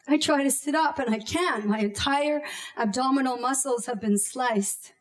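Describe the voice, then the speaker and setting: On stage, a high-voiced Canadian woman in her thirties shares a personal story. Her delivery is slow and deliberate, marked by dramatic pauses and shouts she acts out.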